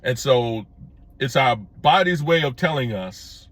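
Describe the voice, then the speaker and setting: A man's voice: animated, slow, fairly bright tone. Emphatic plain-spoken middle-aged man. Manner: emphatic, repeats his points, rises sharply in pitch when pressing a point; plain-spoken, addresses viewers as folks. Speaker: commentary vlogger. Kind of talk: opinion commentary monologue.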